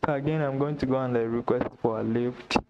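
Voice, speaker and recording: A man's voice: medium pitch, fairly even intonation, fairly quick, muffled recording. A man from Uganda, speaking on a live vlog stream in a despairing, repetitive lament addressed to God. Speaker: vlogger. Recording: noisy background with clicks.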